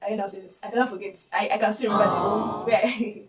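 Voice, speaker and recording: A woman's voice: mid-range voice, steady tone, fast talker, a crowd in the background. A young woman with a Nigerian accent telling a personal story to camera, emotional and often repeating her words. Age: young adult. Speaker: vlogger. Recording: distant mic with faint background noise.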